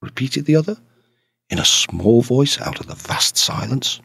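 A man narrating a detective story in a measured, scripted way. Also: mid-range voice, big pitch swings, creaky, fairly bright tone, slightly rough, no echo, studio quality. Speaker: audiobook narrator.

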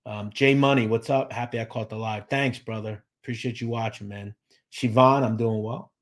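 Here a podcast host with a lowish, gravelly voice reads his live chat aloud. It's a relaxed livestream where he thanks viewers by name as he goes through their comments, often stumbling with fillers and restarting his sentences.

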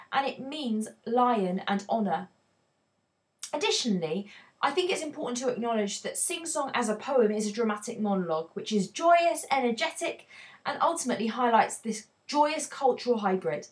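A woman teaching a poetry analysis lesson, explaining in a clear, earnest way with emphatic stresses. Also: fairly high pitch.

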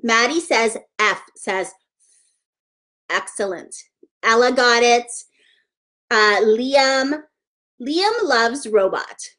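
A woman's voice: a little high, lively intonation, drawn-out words, long pauses, fairly bright tone. A woman teaching a live online letters-and-sounds lesson to young children, encouraging and sing-song as she praises each child by name.

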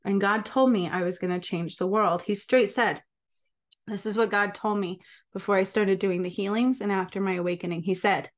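A spiritual healer who hosts a channel talks casually and emphatically to the camera, frequently checking in with listeners through rhetorical questions. Her mid-range voice keeps a steady tone at a moderate pace.

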